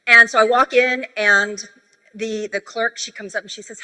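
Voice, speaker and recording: Bright-voiced woman in a big hall. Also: a little high, moderate pace. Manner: conversational, animated storytelling. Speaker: convention speaker. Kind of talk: sales training talk on stage. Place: large convention hall. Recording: reverberant convention hall.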